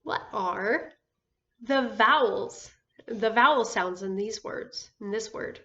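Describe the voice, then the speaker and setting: Slow, patient woman teaching phonics. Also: mid-range voice, bright, forceful tone, muffled recording. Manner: slow, patient, drawn-out words with encouraging praise. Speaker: first grade teacher. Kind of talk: phonics lesson for young children.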